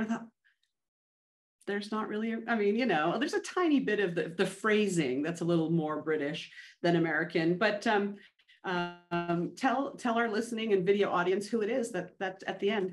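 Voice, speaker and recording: Woman host, mid-pitched, upbeat interviewer on a casual podcast. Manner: enthusiastic, quick affirmations.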